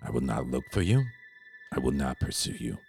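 A man doing a gravelly Irish action star. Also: big pitch swings, fairly quick, soft background music, heavily acted. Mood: menacing. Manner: gravelly low growl, bursts into shouts. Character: hot-headed Irish action-movie star, man, 60s, bigoted. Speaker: podcast co-host. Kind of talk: comedy sketch.

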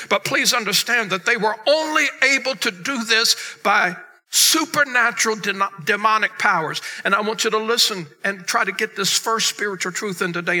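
Male pastor, emphatic sermon, high and sharp, bright tone. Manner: emphatic preaching, swings between loud and hushed.

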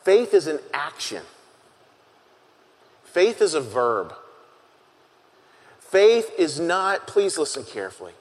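A man's voice: on the high side, big pitch swings. Earnest male pastor preaching in a hall. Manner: earnest, halting, repeats key phrases. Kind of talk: sermon. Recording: long hall reverb.

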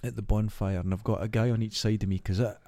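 A man's voice: on the low side, fast, no room sound. A Scottish man, a podcast co-host, telling a long anecdote in casual chat and acting out the voices of the people in it. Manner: animated anecdote teller who acts out quoted voices.

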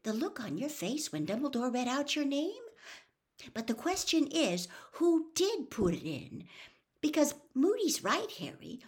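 Woman reader voicing an anxious, sensible schoolgirl, raised pitch, lively, audiobook. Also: full character voice. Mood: certain. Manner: earnest, persuasive, quick. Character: earnest, anxious, sensible teenage girl. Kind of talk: audiobook character reading.

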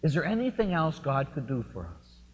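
A man preaching a sermon as pastor, telling a story with impassioned swings between loud and hushed. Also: on the high side, wildly swooping pitch, a little fast. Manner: impassioned storytelling, rising and falling. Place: church. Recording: lo-fi recording in a reverberant church.

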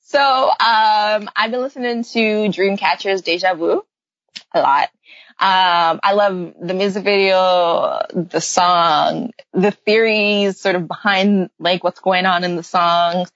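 A woman's voice: lowish voice, slow pace, a bit bright, dry recording. A woman hosting a podcast in casual chat, talking with enthusiasm and plenty of fillers. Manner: chatty, enthusiastic, many fillers. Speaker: podcast host. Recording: dull lo-fi dry recording.

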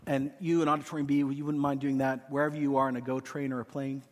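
A man preaching a sermon and leading a hushed, pleading prayer from a church stage. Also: medium pitch, flat delivery, fast. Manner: earnest, hushed and pleading, voicing Jesus softly. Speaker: pastor. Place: large church auditorium. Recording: long hall reverb.

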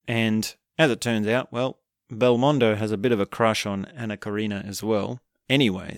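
A man casually recapping a film, telling it with animated energy and acting out the characters' lines with chuckles. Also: mid-range voice, dry recording, clean studio sound. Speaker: film reviewer.

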